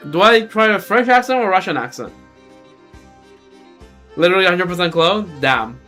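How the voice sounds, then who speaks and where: A man's voice: high-pitched, lively intonation, moderate pace, sharp tone, soft background music. A man giving casual let's-play commentary, rambling and self-deprecating, often restarting his sentences. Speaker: game streamer.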